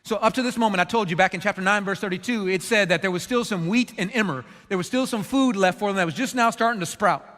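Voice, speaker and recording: A male pastor preaching a sermon, animated, at times dropping to a hushed voice. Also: high voice, fast talker, hardly any pauses, big-room sound. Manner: animated preaching, drops to a hushed voice for quoted regrets. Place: church.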